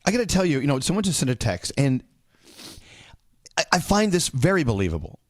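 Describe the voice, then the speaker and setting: A man hosts a morning radio show, firing off jokes and questions at a quick clip. His voice sits in a middle range and sounds close and dry in the studio. He keeps the banter upbeat. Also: fairly high pitch, very animated, no room sound. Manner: upbeat, joking, fast. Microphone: studio microphone, dry.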